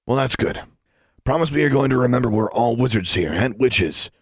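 A man voicing a friendly middle-aged custodian wizard who gently lectures boys in an audiobook. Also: mid-range voice, lively intonation, normal speed, slightly rough, no echo, clean studio sound, voice pushed up. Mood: genial. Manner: friendly, mildly admonishing.

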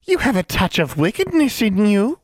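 A man voicing a croaking, wheedling old hag woman who coaxes sweetly. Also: sits high, sing-song, moderate pace, no echo, studio quality, pitched above the performer's own voice. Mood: coaxing. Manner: sweetly coaxing.

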